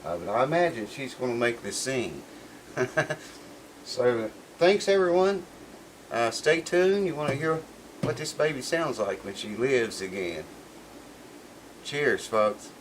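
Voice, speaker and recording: Guy rambling folksy, lots of uh's, regular pitch, bit of faint noise behind. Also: lively intonation, measured pace, pauses often, rough recording. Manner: rambling, folksy, full of "uh" fillers. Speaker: guitar repair video maker. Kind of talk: casual vlog chat.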